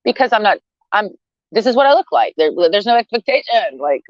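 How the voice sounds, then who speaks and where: A woman's voice: mid-range voice, big pitch swings, fairly quick, dry recording, highs cut off. A woman ranting bluntly and profanely in a rambling, casual way to camera. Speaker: vlogger.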